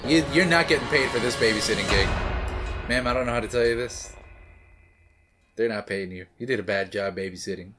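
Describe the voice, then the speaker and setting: A man's voice: fairly low pitch, fairly quick, long pauses, over music. A man hosting a movie reaction, rambling and joking as he talks back to the screen. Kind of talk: casual reaction commentary.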